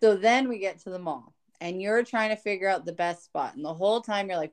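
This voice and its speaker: Briskly and with few pauses, a woman at medium pitch shares a travel tale with her mother in a relaxed chat, where she is the co-host daughter. She's lively, imitates the people she quotes, and laughs a lot.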